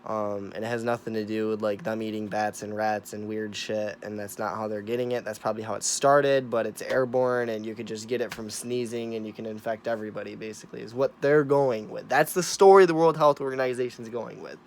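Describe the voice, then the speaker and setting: A man vlogging a ranting monologue, cursing constantly and hammering his points through repetition, swinging between low mutters and loud bursts. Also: steady tone, brisk, hardly any pauses, slight background noise. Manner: profane, emphatic, repetitive, swinging from mumbling to loud.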